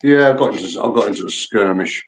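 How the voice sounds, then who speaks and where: A man's voice: on the low side, fast talker, poor audio. A man telling a rowdy story in casual chat, blunt and full of swearing. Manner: blunt, profane, laddish storyteller.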